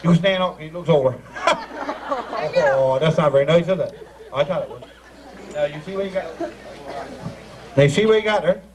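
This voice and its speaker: A high-voiced man runs a rowdy ceremony, teasing the people he calls up and laughing between lines. He sounds distant on an old home video, with a loud crowd and hiss all around him. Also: normal speed, long pauses. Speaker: ceremony master. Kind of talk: joking ceremony patter.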